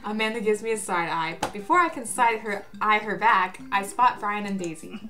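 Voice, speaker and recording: A woman's voice: medium pitch, normal speed. A young woman reading a dating-sim game aloud with a friend, taking the dad's lines with gusto. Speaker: co-player.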